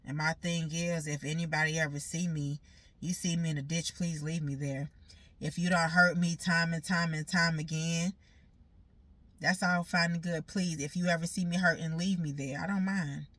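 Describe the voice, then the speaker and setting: A woman's voice: sits low, steady tone, moderate pace, a bit bright, no echo. A woman giving an emotional personal monologue, talking bluntly with lots of swearing and repeating herself, sounding hurt and aggrieved. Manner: blunt, profane and repetitive.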